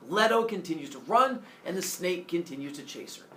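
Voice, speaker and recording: Speaking a little fast in a high-pitched voice, this man turns a Greek myth into a funny classroom lesson and animatedly puts on silly voices for every character. The audio has a touch of hiss or hum, and it sounds far off in an echoey room with faint ambience.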